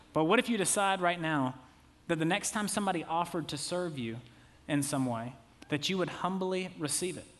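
Man, 30s, pastor; relaxed conversational sermon with humorous asides, a touch high in pitch. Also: normal speed. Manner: conversational, jokey asides, acts out quotes.

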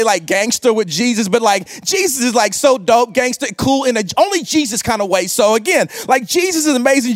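A man's voice: extremely high pitch, no room sound. A man preaching a livestreamed sermon to online viewers, casual and slangy, asking them to respond. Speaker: pastor.

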